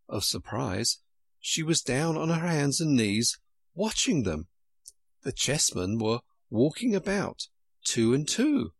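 A man narrating a storybook aloud with an expressive storytelling cadence. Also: on the low side, a little slow, vocal fry, breathy edge, no room sound. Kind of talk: audiobook narration.

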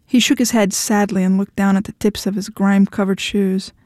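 A woman narrating fiction aloud in a measured, even way. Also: medium pitch, dry recording, clean studio sound.

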